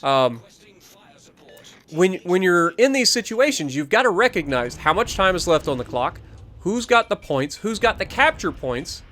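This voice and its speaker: A man's voice: sits high, big pitch swings, measured pace, fairly bright tone, a little hiss or hum. A man giving explanatory, coaching commentary over a recorded naval game match as the host of a gaming channel. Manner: explanatory, coaching, repeats key points.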